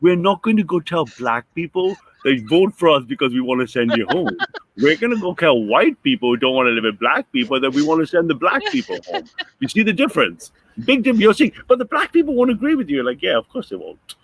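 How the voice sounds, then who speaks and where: A man hosting a reaction stream, ranting in a profane, mocking, animated way. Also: fairly high pitch, a little fast, poor audio. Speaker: stream host. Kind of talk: reaction commentary.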